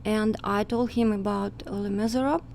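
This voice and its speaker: A woman who is not a native English speaker, recounting a flight in halting English with many pauses, as a guest in a casual talk. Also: medium pitch, steady tone, creaky, darkish tone. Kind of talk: casual chat.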